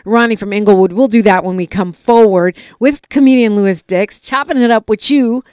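A woman hosting a talk radio show in a studio, brisk and steering the conversation. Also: medium pitch, a little mellow, smooth, no echo.

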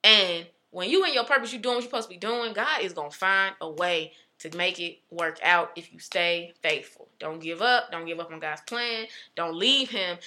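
A young adult woman talking in casual chat, telling a personal story with emphatic, animated delivery. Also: lowish voice, moderate pace, few pauses.

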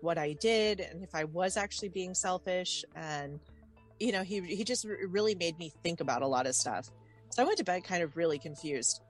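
A woman telling a personal story as an interview guest, candid and wry, with many fillers. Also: on the low side.

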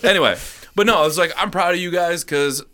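A man joining a podcast as a guest, joking and swearing in animated casual chat. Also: high voice, fast.

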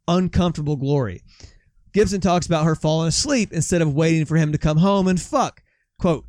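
A man's voice: fairly high pitch, a little mellow, no room sound, studio quality. A man hosting a podcast, chatting casually and swearing freely as he reads out quotes. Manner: loose and conversational, swears freely, laughs often. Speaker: podcast host. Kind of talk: casual chat, reading out quotes.

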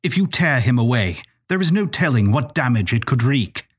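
Guy voicing a soft-spoken genteel man, courteous and a bit grand, lively delivery. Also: medium pitch, moderate pace, husky.

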